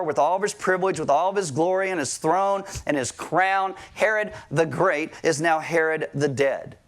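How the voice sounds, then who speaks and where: A married man preaching a sermon to a church congregation, talking casually, asking the crowd questions and joking lightly. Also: on the high side. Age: adult, married. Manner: conversational, asks the crowd questions and jokes lightly. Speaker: pastor. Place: church service before a congregation.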